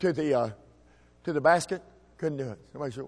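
A middle-aged man preaching a sermon as a pastor, folksy and emphatic, with shouted peaks. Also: a little high, fast, long reverb tail. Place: church sanctuary.

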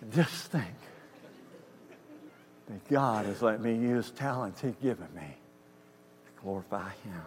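A man delivers a storytelling sermon in a conversational style, acting out dialogue and asking the congregation whether they hear him. His voice is lowish, and he goes slowly with long pauses. The recording has a reverberant hall sound and a faint hum.

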